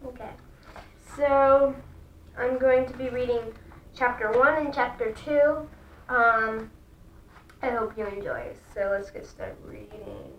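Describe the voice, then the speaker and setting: A woman reading a children's book aloud, slow and careful with small restarts. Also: on the high side. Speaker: storybook reader. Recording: echoey room, far from the mic, faint background noise.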